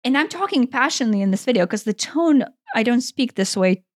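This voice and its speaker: A woman's voice: on the high side, expressive, fast, no echo. Earnest woman in her forties, dry sound. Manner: earnest, emotional, swears freely. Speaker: podcast co-host. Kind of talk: casual conversation.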